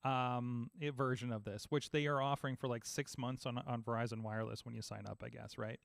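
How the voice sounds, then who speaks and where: A man in casual podcast chat, telling an animated story and acting out both sides of phone calls. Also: medium pitch, fairly quick, gravelly, dry recording. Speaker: podcast host.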